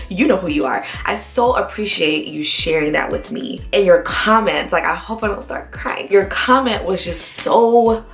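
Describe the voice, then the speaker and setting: Woman vlogger, heartfelt casual chat, nervous fillers, low raspy voice. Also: reverberant. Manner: warm, nervous, chatty with fillers. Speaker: YouTube vlogger. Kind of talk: casual heartfelt talk to camera.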